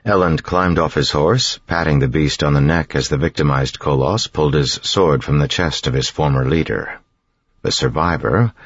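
Very deep gravelly male audiobook narrator. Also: dry recording, lo-fi sound. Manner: measured, even storytelling.

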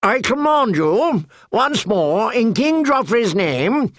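A man's voice: very high voice, big pitch swings, slow, no echo, clean studio sound, voice pushed up, exaggerated voice. A man doing a bored, haughty knight. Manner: bored, lofty, commanding. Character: languid, arrogant male knight.

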